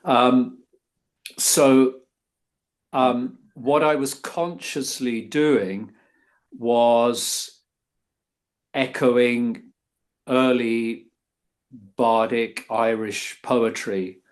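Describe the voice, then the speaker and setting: A man's voice: mid-range voice, steady tone, extremely slow, pauses often. A man, a guest author, talking in a casual interview, hesitant and full of restarts. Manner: hesitant, many ums and restarts.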